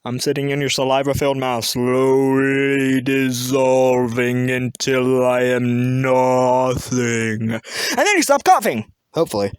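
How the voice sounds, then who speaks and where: A woman voicing a low, deadpan explainer in an improvised comedy sketch, mumbling flat explanations. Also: fast, dry recording, studio quality. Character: deadpan low-voiced explainer who is talking objects.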